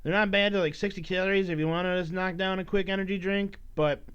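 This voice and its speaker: A man's voice: sits high, steady tone, fast, a bit bright, clean tone. A man hosting a casual solo podcast, rambling and swearing while he teases his listeners. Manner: rambling, profane, mock-scolding his listeners. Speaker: podcast host. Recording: dull lo-fi recording.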